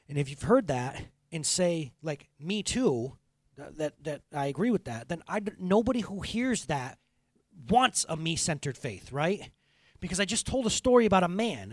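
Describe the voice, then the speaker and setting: A man's voice: high-pitched, dry recording. A middle-aged man preaching a sermon as pastor, earnest and conversational, building to impassioned.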